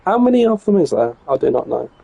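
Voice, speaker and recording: Casual English male streamer, gravelly and mellow, muttering play-by-play with the odd swear. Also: medium pitch, very animated, fast, low-quality recording. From England. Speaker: live streamer. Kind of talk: casual gameplay commentary.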